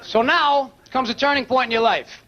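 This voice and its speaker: A man's voice: very high-pitched, moderate pace, very noisy. A man doing a stand-up set on television, telling his joke in an incredulous, mocking way. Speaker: stand-up comedian. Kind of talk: stand-up set on a late-night show. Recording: dull old broadcast tape, loud audience. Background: audience laughter.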